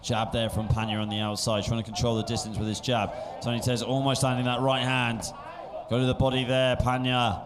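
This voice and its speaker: A man calls a boxing match blow by blow in brisk, steady commentary, lifting his voice when the action heats up. His voice sits at a middle pitch. Clear music plays behind his commentary. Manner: brisk play-by-play calls, rising excitement at big moments. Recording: commentary over loud music.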